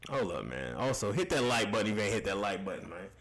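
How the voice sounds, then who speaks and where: A man's voice: on the low side, very animated, fast, a bit bright. A young man hosting a casual gaming livestream, reading chat comments aloud, loose and profane, laughing often and repeating himself.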